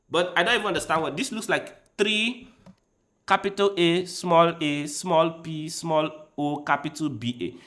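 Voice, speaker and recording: A man's voice: on the high side, pushed and bright. A man streaming chess live, chatting casually with his audience and thinking aloud as he tries out foreign words.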